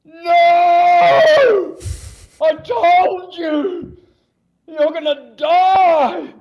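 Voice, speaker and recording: A man voicing his Israeli friend as a scolding, excitable man with an Israeli accent. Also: medium pitch, very slow, highs cut off, voice pushed down. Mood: shouting. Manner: scolding, bursts into shouting.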